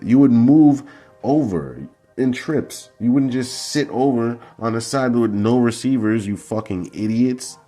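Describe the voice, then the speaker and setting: A man's voice: medium pitch, warm tone. A man breaking down football game film in a heated, profane, combative rant. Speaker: football analysis vlogger.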